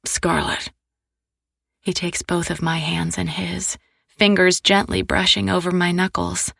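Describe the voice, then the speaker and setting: A woman narrating a first-person romance audiobook in an intimate, soft-spoken way. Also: on the low side, little pitch movement, moderate pace, vocal fry, dry recording, studio quality.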